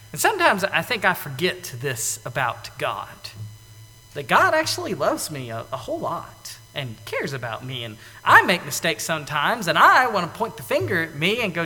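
Male preacher, sermon, lively swinging pitch, bright forward tone, long hall reverb. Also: normal speed. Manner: animated, acts out quoted lines with big swings in loudness.

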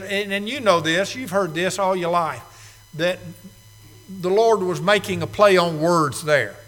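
A man preaches in a large hall, his bright, high voice carrying a long reverb. He is emphatic and swings from soft, low asides to ringing declarations. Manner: emphatic, rising and falling between soft asides and loud declarations. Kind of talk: sermon.

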